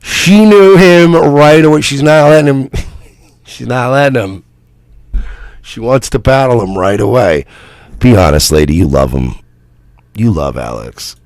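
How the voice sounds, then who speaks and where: A man's voice: on the low side, a little slow, pauses often, no room sound, clean studio sound. A man hosting a radio show, reacting to video clips with laughter and lots of swearing. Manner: laughing, profane, animated. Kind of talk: casual reaction commentary.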